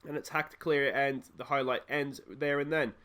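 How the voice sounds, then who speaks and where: A young Australian man with a hoarse voice from a cold, casually commentating his football management game and rambling between bursts of excitement when his team scores. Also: medium pitch, moderate pace. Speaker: let's play host.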